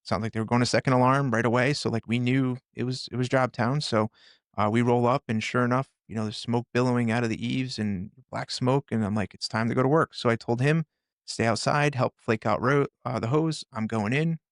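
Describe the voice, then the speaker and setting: A middle-aged man, a firefighter and author, telling his story in a conversation, in an earnest and halting way with many restarts. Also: medium pitch, fairly even intonation, dry recording, studio quality. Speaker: podcast guest, firefighter and author.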